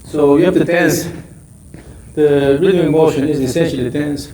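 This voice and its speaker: A man's voice: on the high side, steady tone, normal speed, background noise. A man working as a golf coach in a live session, calling out short repeated drill cues and then explaining the movement.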